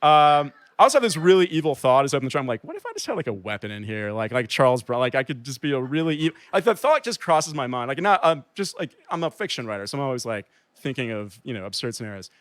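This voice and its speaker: A man's voice: mid-range voice, animated, fast talker, fairly bright tone, dry recording. A man telling a personal story casually, rambling with lots of fillers and restarts. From transplant to New York. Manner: rambling, filler-heavy with many likes and restarts.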